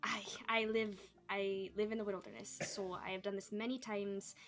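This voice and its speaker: This is a woman playing a practical elf wanderer in a tabletop game. She reasons calmly and reassures the others, with an in her speech. Faint music plays underneath. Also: medium pitch, moderate pace, lightly acted. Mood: reassuring.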